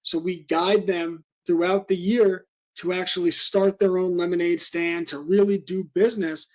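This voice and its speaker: A man's voice: high-pitched, steady tone, moderate pace, a little mellow. A man, a home school educator, giving an interview and explaining at length with frequent "um" fillers. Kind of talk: interview talk.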